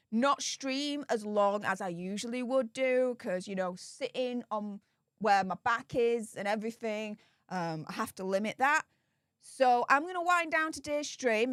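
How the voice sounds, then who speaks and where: With a fairly high, slightly bright voice, this Yorkshire-accented host from England chats on a casual livestream recorded in clean, dry studio sound. She greets her viewers in turn, bubbly and effusive as she shouts them out.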